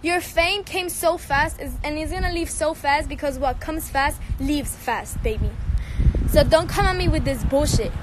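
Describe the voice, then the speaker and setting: A teenage singer from Cuba speaks English with a Cuban Spanish accent, her voice pitched high. She rants in a heated, profane, confrontational way, firing back at someone over a livestream, with faint noise behind her. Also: normal speed. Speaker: singer and social media personality.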